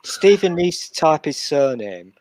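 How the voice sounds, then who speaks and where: A man's voice: on the high side, big pitch swings, a little slow, darkish tone, dry recording. Crude teasing man hosting a stream. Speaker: podcast host. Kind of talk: casual banter.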